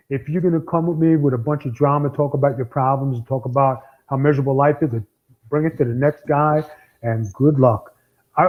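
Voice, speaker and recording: A man co-hosting a casual podcast, talking bluntly and sharing strong opinions. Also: fairly high pitch. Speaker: podcast co-host. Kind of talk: casual banter. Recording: dull lo-fi sound.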